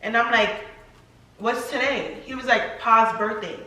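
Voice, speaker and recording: Young woman with a bright higher voice telling a story all chatty and emotional, lots of "like", sounds echoey and a bit off mic. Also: measured pace. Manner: chatty, filler-heavy, emotional. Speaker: vlogger, new mother. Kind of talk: storytime chat. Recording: echoey room, mic at a distance.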